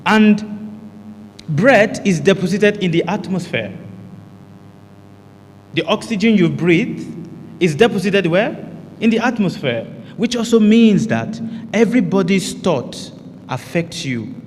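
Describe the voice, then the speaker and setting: A man's voice: high-pitched, expressive, unhurried, pauses often, big-room sound, slight background noise. A man teaching a meditation class, often asking the group rhetorical questions and answering them himself, and repeating key phrases for emphasis. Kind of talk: spiritual teaching talk to a group.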